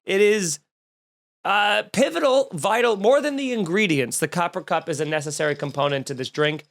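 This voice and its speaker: A man hosting a comedy podcast, telling stories in a snarky, rambling, animated way. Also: high-pitched, normal speed, vocal fry. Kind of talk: casual comedic rant.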